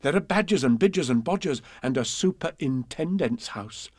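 A man reading children's poems and stories aloud in a gentle, expressive way. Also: medium pitch, normal speed, dry recording.

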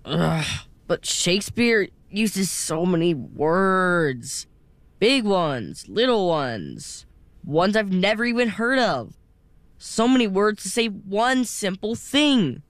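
An actor playing a sarcastic schoolboy with a whiny, unhurried delivery in an audio drama. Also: medium pitch, very animated, dry recording. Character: wisecracking schoolboy who hates big words.

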